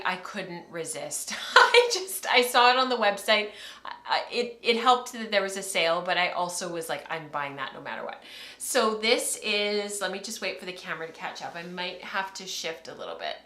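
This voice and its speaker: A woman in her thirties chats on a livestream from home, rambling along and laughing easily as she talks to the camera. Her voice is bright and clear, and the room around her adds a noticeable echo. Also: mid-range voice, expressive, fairly quick. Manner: chatty, rambling, laughs often. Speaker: podcast host. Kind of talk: casual livestream chat.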